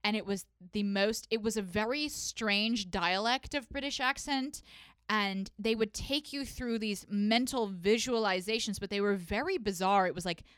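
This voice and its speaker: Woman in her thirties, podcast co-host, clear smooth voice, dry close sound, jokey and loose. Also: mid-range voice, normal speed, a bit bright, no echo. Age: 30s. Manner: jokey, trailing off and restarting. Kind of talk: casual chat.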